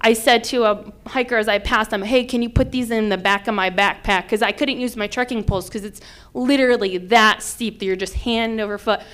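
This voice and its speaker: A woman in her thirties from upstate New York, telling a personal story with lively acted-out quotes. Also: a little high, a little fast, smooth. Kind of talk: personal story told to an audience.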